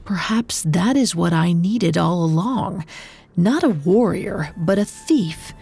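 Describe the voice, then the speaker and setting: A woman voicing a one-eyed male warrior chief who speaks in a slow, low, measured way. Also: expressive, creaky, warm tone, husky, faint music behind, heavily acted.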